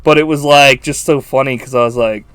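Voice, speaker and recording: A man co-hosting a podcast in casual chat, animated, swearing freely and laughing often. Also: mid-range voice, fairly quick, smooth, no echo, faint music behind. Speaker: podcast co-host. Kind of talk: casual chat about a film.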